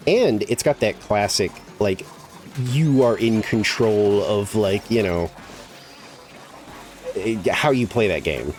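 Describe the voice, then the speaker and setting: Low-voiced rambling male streamer. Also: lively intonation, slow pace, long pauses, darkish tone, faint music behind. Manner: rambling, full of "like", swears casually. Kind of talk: casual chat while gaming.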